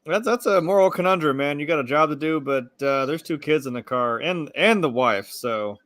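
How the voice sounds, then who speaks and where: A man's voice: on the high side, animated, normal speed, a bit bright, dry recording, studio quality. A man co-hosting a casual movie review chat over a video call, laid-back, swearing freely and laughing often. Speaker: podcast co-host.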